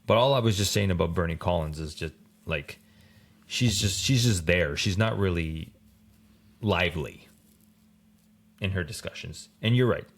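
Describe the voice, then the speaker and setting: A man co-hosting a racing podcast in casual chat, rambling and animated, full of fillers. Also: low-pitched, normal speed, creaky, long pauses, husky. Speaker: podcast co-host.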